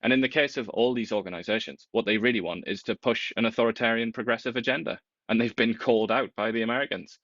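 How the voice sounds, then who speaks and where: A man co-hosting a casual political chat, talking in an animated, wry way with big swings in pitch. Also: fast, hardly any pauses, no room sound, muffled recording.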